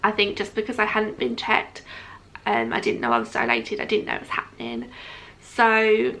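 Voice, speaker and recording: A woman's voice: mid-range voice, sing-song, moderate pace, gravelly, fairly bright tone, a little hiss or hum. A young adult woman telling a personal story to camera in a chatty, casual way, with frequent ums, often quoting what others said. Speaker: vlogger.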